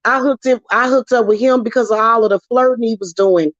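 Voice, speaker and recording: A slightly high voice, moving a little fast, belongs to a witchcraft vlogger venting heatedly in a casual vlog. She's emotional and profane as she talks about spiritual work, and the recording is dull, dry, lo-fi and echo-free.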